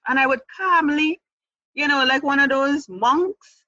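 A woman's voice: high voice, moderate pace, sharp tone, dry recording, dull audio. A woman speaking candidly as an interview guest about her own life, earnest, restarting and repeating words, with light laughs. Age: adult mother. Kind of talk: candid personal testimony.

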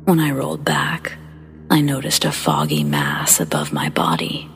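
A woman hosting a horror story show, reading first-person accounts in a hushed, breathy whisper with a slow, measured delivery. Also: rumbling low, sing-song, soft background music. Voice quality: breathy whisper with gravelly fry. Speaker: horror story narrator and host.

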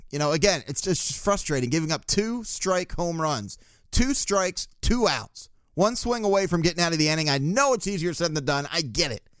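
A man's voice: on the high side, clean tone, dry recording. A man hosting a casual solo sports podcast, ranting bluntly and crudely with frequent laughs. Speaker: podcast host.

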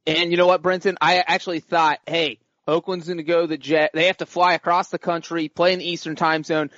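A man's voice: a little high, flat delivery, fairly quick, fairly bright tone, dry recording, muffled recording. A man on a sports podcast panel, explaining his reasoning in a casual way.

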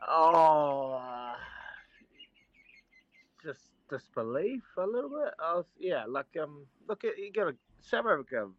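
This co-host, once a rugby player, dials in from his holiday to a laid-back sports chat, spinning lively stories full of laughter. His voice leans high and a little slow, captured as a dry, lo-fi recording.

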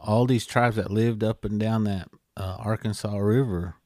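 A man co-hosting a podcast, telling a story in a rambling, halting way with many fillers. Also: on the low side, fairly even intonation, dark tone, no room sound, clean studio sound. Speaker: podcast co-host. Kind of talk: casual storytelling chat.

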